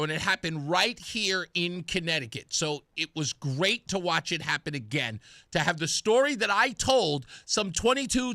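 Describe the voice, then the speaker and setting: Middle-aged male radio host, chatty storyteller, bright and animated, dry studio sound. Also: high-pitched, dry recording. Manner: chatty storyteller, laughs at himself. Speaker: radio talk show host. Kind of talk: casual radio monologue.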